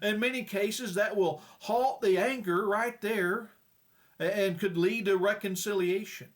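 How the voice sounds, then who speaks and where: A man's voice: sits high, measured pace. A male preacher giving a folksy, plain-spoken sermon with frequent hesitations.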